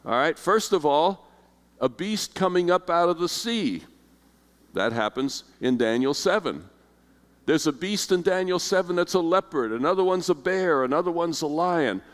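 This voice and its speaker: A man's voice: on the high side, lively intonation, normal speed. An older man teaching a Bible class in a conversational way, often asking his listeners questions. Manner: conversational, asks the audience questions. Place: lecture hall with an audience. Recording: hall reverb.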